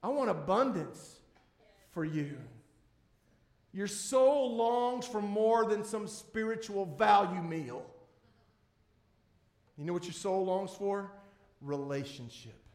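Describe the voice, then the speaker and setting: Male pastor, sermon voice, high-pitched and emphatic, repeats key words, recorded in a reverberant sanctuary. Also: slow pace, long pauses. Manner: emphatic, swings between loud and hushed. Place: church sanctuary before a congregation. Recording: echoey room.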